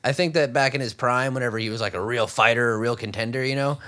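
A man's voice: mid-range voice, fast talker, fairly bright tone. A young adult man co-hosting a casual podcast, rambling and self-deprecating as he walks through his research. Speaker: podcast co-host presenting research.

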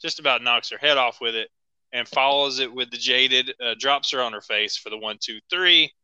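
A man's voice: mid-range voice, moderate pace, sharp tone, clear, resonant tone, no room sound, dull audio. A man co-hosting a wrestling podcast, chatting casually, laughing often and recapping matches move by move. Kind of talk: casual chat.

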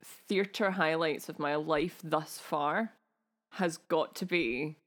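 A woman's voice: low voice, slow. Gushing woman podcast co-host. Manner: gushing, laughs often. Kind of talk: casual chat.

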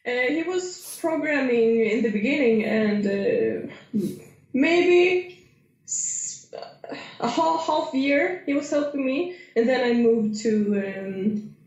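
Young swedish-accented woman, slow halting speech, raised pitch, echoey room. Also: expressive, a little mellow, dull audio. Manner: hesitant, many fillers, laughs often. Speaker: guest powerlifter. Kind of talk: casual interview.

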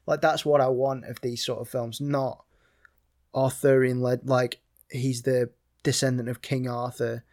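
A man's voice: medium pitch, little pitch movement, unhurried, darkish tone. A man from Britain giving a casual, rambling spoken film review, with many fillers and restarts.

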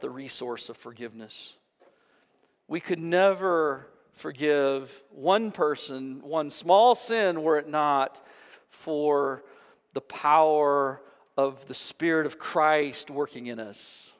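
Man, pastor, earnest emphatic sermon, high-pitched voice, long hall reverb. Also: measured pace. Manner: earnest, emphatic, preaching with strong rising stresses.

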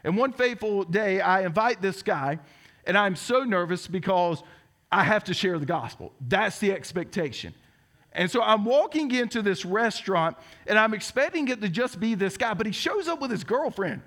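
A man's voice: sits high, lively intonation, moderate pace, a bit bright. A man in his thirties with a Southern US twang, preaching a sermon as teaching pastor, telling stories with earnest, self-deprecating humor. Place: church sanctuary.

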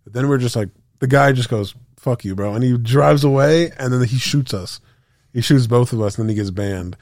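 A man on a podcast telling a long gaming story, animated and profane, acting out quotes and gunfire sounds. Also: medium pitch, moderate pace, dry recording, studio quality. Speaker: podcast co-host. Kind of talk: casual storytelling chat.

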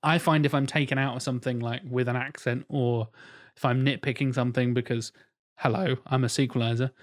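A man's voice: medium pitch, fairly even intonation, brisk. Blunt, sweary man in casual chat. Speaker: podcast co-host.

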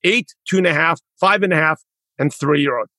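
A man's voice: fairly high pitch, moderate pace, bright, forceful tone, no room sound. A man hosting a podcast in casual interview chat, rambling and correcting himself as he talks. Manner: rambling, self-correcting, proud father. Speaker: podcast host.

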